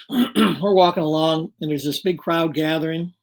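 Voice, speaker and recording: A man in his sixties, a regular guest on a chat show, spins a childhood anecdote. He acts out every quote with shifting voices. The delivery is loose and conversational, in a middle-pitched voice. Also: unhurried, creaky. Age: 60s. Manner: animated storyteller acting out quotes. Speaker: weekly guest. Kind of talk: casual storytelling.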